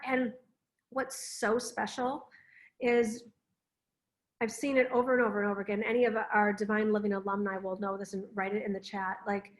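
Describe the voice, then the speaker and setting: A woman's voice: a little high, a bit bright. A woman business coach teaching on a live video call, telling stories with lots of "like," enthusiastic and persuasive. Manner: enthusiastic, storytelling with many "like"s.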